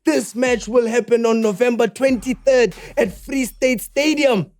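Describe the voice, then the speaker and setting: Cocky sports newsman played by a man, very high voice, punchy broadcaster patter, faint music under it. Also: unhurried, a little mellow. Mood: hyped. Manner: punchy mock-broadcaster delivery. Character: cocky male sports news reporter. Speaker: comedy podcast host. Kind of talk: spoof sports news bulletin.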